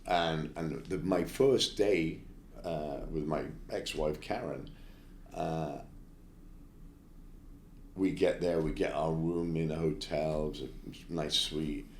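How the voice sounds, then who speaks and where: Low-voiced guy spinning quick blunt work stories, echoey room behind him. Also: steady tone, slight background noise. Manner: brisk anecdotes with blunt asides. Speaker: guest chef. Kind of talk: storytelling interview.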